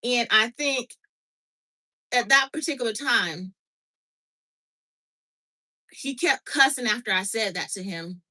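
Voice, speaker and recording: A middle-aged woman tells a story in a casual chat, her voice bright and a little high. She is animated, acts out the dialogue and keeps checking in with her listener. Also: slow, pauses often, rough recording. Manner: animated, reenacts dialogue, frequent "okay?" check-ins. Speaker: podcast host.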